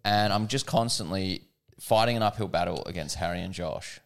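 A man's voice: sits low, normal speed, creaky. A young man guesting on a podcast, teasing the others in casual chat. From Australia. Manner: teasing, lively.

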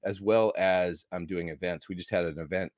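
A man's voice: deep voice, steady tone, normal speed, a little mellow, no echo, clean studio sound. A middle-aged American man, a guest movie critic, telling his story in a rambling, enthusiastic way. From United States. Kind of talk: casual interview talk.

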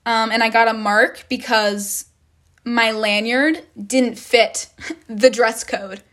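A woman's voice: on the high side, steady tone, takes it slowly, fairly bright tone. A young woman telling a storytime rant in a casual, dramatic way, full of "like" and swearing. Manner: heavy filler "like", swearing, dramatic retelling. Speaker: vlogger.

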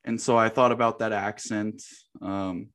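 A man co-hosting a podcast, laid-back and quick to laugh in casual chat. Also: lowish voice, fairly even intonation, fairly bright tone. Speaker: podcast co-host.

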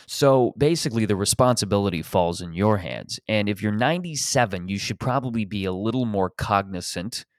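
A man's voice: on the low side, animated, brisk, few pauses, no room sound, clean studio sound. A man hosting a podcast, riffing in a rambling, profane, sarcastic comedic monologue. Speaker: podcast host.

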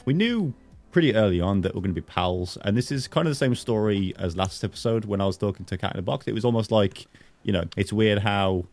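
A man hosts a podcast in a relaxed, casual way, teasing his guest with playful jokes. His voice is on the low side. Faint music runs in the background. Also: brisk, hardly any pauses. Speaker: podcast host.

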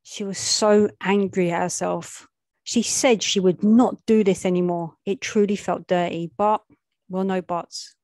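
A woman reading a gritty street story aloud in a plain, steady voice, slipping in street slang. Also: mid-range voice, unhurried, no room sound. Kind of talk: reading a gritty first-person-style short story aloud.

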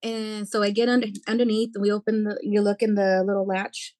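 A woman's voice: mid-range voice, fairly quick, no room sound. A woman, an aircraft maintainer, chatting as a podcast guest and telling blunt, swearing stories about her job. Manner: profane, animated storyteller. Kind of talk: casual podcast chat.

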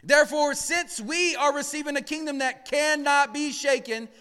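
A male pastor preaching a sermon in a church. He drops to hushed murmurs, then rises to shouted emphasis, and calls on the congregation to answer back. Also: extremely high pitch, fairly even intonation, normal speed, big-room sound. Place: church sanctuary.

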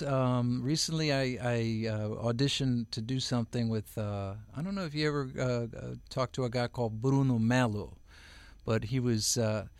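Interviewed casually at home, a middle-aged man who does voice-over work rambles along, full of fillers and false starts. His voice is medium in pitch, and the recording carries no room sound.

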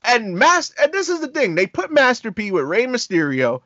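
A man co-hosting a casual talk show, telling stories in a lively way and acting out quotes with laughter. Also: extremely high pitch, moderate pace, no echo, muffled recording. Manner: animated, acts out quotes with laughter. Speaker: podcast co-host. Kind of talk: casual storytelling chat.

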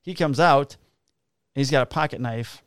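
A man's voice: mid-range voice, unhurried, clear, resonant tone, dry recording, studio quality. A man who works as a police officer, telling work stories in a casual chat, profane and blunt, laughing at his own tales.

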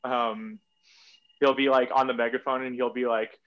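A man's voice: mid-range voice, little pitch movement, normal speed. Guy rambling thru stories, lots of "like", cusses casually, kinda muffled recording. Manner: loose, rambling storytelling with lots of "like" and casual swearing. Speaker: guest. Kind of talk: casual conversation. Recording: slightly muffled audio.

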